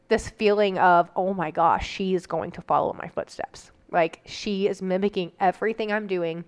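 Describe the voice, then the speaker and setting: A woman speaks candidly as a guest, her voice smooth and clear at a middle pitch. She talks casually, leaning on "like" as she works through an emotional personal story. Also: a bit bright. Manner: candid, emotional, frequent "like" fillers.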